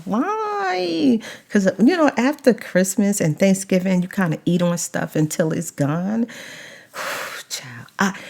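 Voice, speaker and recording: A woman vlogger and mother, telling a story in a casual, animated way and stretching words for emphasis. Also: medium pitch, creaky. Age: adult, mother of a child. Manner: animated retelling, drawn-out emphasis.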